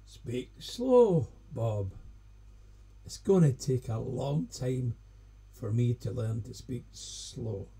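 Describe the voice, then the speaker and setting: A Scottish singer-songwriter chatting casually on a live stream between songs, rambling and self-deprecating. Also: male voice, medium pitch, gravelly, warm tone, breathy edge. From Scotland.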